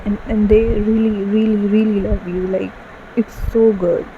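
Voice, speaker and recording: A woman's voice: medium pitch, flat delivery, unhurried, narrow, tinny audio, a little hiss or hum. A woman giving an emotional tarot reading, gushing and full of fillers, tearful at times. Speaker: tarot card reader. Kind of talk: casual tarot reading monologue.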